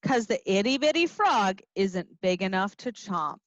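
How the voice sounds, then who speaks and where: A woman's voice: medium pitch, animated, a little slow, dry recording, muffled recording, natural voice. A woman voicing a smug male alligator in a children's storybook, teasing and taunting.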